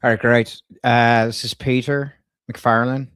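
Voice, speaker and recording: A man voicing a polite, folksy Irish male wealth manager on a prank call, speaking in a calm, courteous, unhurried way with an Irish accent. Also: mid-range voice, clear, resonant tone, no echo, close to an everyday voice.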